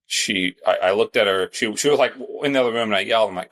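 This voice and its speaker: A man's voice: fairly low pitch, fast, hardly any pauses, fairly bright tone. A man from California co-hosting a podcast, telling rambling stories in casual chat. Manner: rambling storytelling, laughs easily. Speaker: podcast co-host.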